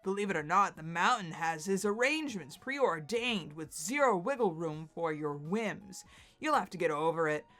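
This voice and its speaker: A woman voicing a big, boastful male buck with a Southern drawl and a booming, hearty manner in a dramatic webcomic read-aloud. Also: expressive, moderate pace, a bit bright. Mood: teasing. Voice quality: hearty chuckle, booming bravado. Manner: grandiose, speaks of himself as "the mountain".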